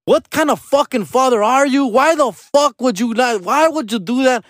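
A man's voice: very high voice, moderate pace, no echo, pitched above the performer's own voice. A man voicing an angry middle-aged mother, berating and cursing in a scolding rant. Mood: furious scolding. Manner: shouting, profane, berating.

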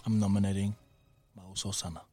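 A man co-hosting a podcast in casual banter, teasing and energetic. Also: on the low side, brisk, dry recording, soft background music. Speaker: podcast co-host.

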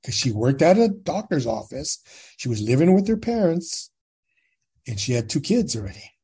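A husky-voiced man in his sixties from California, settling into a long casual story. His voice sits on the dark, mellow side. He talks plainly and jumps into other people's voices when he quotes them. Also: medium pitch, moderate pace. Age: 60s. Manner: animated storyteller, acts out quoted dialogue. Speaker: guest.

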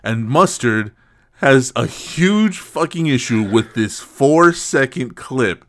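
Teasing, lively-voiced podcast host man. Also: mid-range voice, slow pace. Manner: teasing, argumentative, laughs often. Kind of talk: casual podcast debate.

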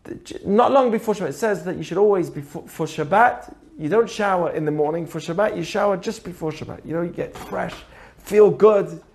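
A man hosting a podcast and telling a teaching story in an animated, conversational way, often asking the listener questions. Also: high voice, a little fast, few pauses. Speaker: podcast host. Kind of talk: casual storytelling lesson.

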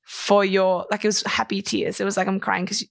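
A woman's voice: mid-range voice, flat delivery, moderate pace, gravelly. A young woman co-hosting a podcast, chatting in a bubbly, giggly way with many fillers. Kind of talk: casual chat.

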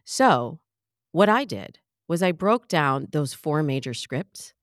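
Animated woman podcast host, dry close sound. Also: low voice, slow, no echo. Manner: bubbly, animated, playful. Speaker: podcast host and dating coach. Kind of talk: podcast monologue.

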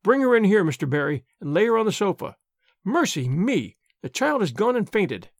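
A man doing a sharp, sensible older spinster. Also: high voice, sing-song, no room sound, studio quality, full character voice. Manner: sharp, brisk, scolding.

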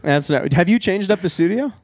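A young man co-hosting a podcast, chatting in a jokey, playful way. His voice sits a little high and swings up and down with lively energy. The sound is close and dry. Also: a little fast, no room sound. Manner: jokey, animated, laughs often. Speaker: podcast co-host. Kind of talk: casual chat.

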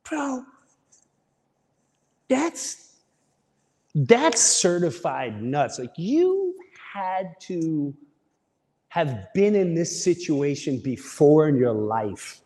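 A man's voice: fairly high pitch, very slow, long pauses, big-room sound. A young man, a comedian, telling stories casually and animatedly as a podcast guest. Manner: animated, acts out voices. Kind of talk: casual storytelling.

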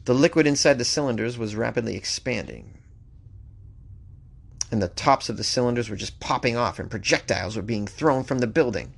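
A man's voice: mid-range voice, lively intonation, brisk, creaky. A man hosting a comedic news show, reading odd stories aloud and breaking off into wry, joking asides. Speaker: podcast host.

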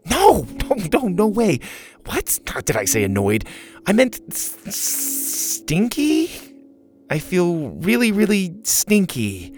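A man's voice: lowish voice, very animated, normal speed, few pauses, soft background music. A man voicing a shy, flustered alien schoolgirl who stammers in front of her crush. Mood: panicked.

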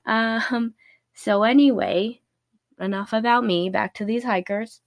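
A young woman with a sore, raspy throat hosts a true-crime podcast in an unhurried, rambling way, cursing offhandedly and poking fun at herself. Her speech is slow and the recording is dry and close, made on a laptop. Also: fairly high pitch, steady tone, dry recording. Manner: rambling, swears casually, self-deprecating. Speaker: podcast host.

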